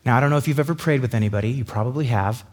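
A man preaching a casual, conversational sermon, chatty and animated, often acting out quick little voices to make a point. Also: medium pitch.

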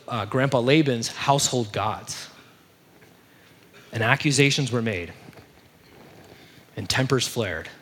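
A man's voice: medium pitch, pushed and bright, slightly rough. Casual storytelling man preacher. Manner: conversational, many fillers like "like" and "you know".

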